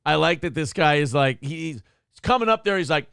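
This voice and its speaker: A man's voice: a little high, expressive, moderate pace, gravelly, a bit bright, smooth, no room sound, studio quality. A man co-hosting a talk show, chatting casually and profanely with sarcastic, mocking asides. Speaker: morning show co-host.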